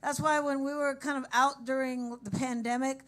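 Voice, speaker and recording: A woman's voice: sits high, little pitch movement, moderate pace, a bit bright. A woman co-hosting a live open mic with an exuberant, whooping manner, cheering on the performers and plugging the venue.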